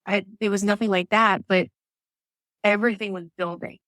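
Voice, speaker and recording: A woman, telling her birth story as a podcast guest in an animated way, acting out quotes. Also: medium pitch, normal speed, no room sound. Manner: animated storytelling, acts out quotes, laughs often. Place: Atlanta area.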